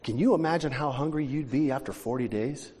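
A male pastor preaching a sermon, telling stories with animated restarts, in a church hall. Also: mid-range voice, a little fast, breathy edge. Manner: animated storytelling with repeated restarts. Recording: long church hall reverb.

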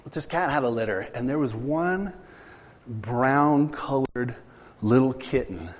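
A man's voice: mid-range voice, animated, measured pace. A middle-aged man giving a sermon, chatting with the congregation in a joking, storytelling way. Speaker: preacher. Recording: hall reverb.

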